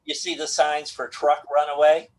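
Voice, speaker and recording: A man's voice: a little high, normal speed, poor audio. A middle-aged man as a guest astrologer on a video call, telling stories and acting out quoted voices in casual chat. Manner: animated storytelling, acts out quoted voices.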